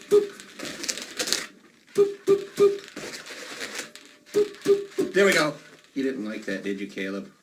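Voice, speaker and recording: Lively high-voiced children's magician. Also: male voice. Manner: playful, animated, talks to kids. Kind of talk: children's magic show patter. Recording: distant mic, faint noise.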